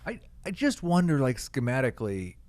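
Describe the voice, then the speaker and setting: A man's voice: medium pitch, very animated, normal speed, a little mellow, dry recording. A man on a sports chat panel, blunt and opinionated in his takes.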